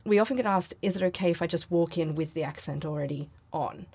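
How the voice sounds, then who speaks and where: Woman host, lowish voice, chatty questions, lots of yeahs. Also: a little mellow, slightly rough. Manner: friendly questioning, quick affirmations. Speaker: interview host. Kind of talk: interview conversation.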